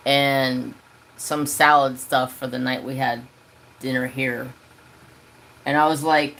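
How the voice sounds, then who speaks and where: A man hosting a crafting livestream from home, telling a story in a casual, animated way and swearing freely as he rants. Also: mid-range voice, slow, vocal fry, long pauses. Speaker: crafting channel host.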